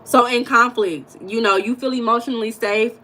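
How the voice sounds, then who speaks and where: An American woman hosting a casual livestream, chatting and reading viewer comments in a blunt, animated way, with occasional swearing and emphatic bursts. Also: on the high side, moderate pace, slight background noise, rough recording. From United States. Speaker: livestream host.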